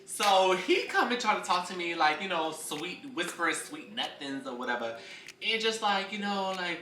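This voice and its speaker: A man's voice: high-pitched, expressive, normal speed, pushed and bright. A young man telling a personal story in a casual storytime, sassy and dramatic, swearing freely. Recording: roomy, from a distance, faint music.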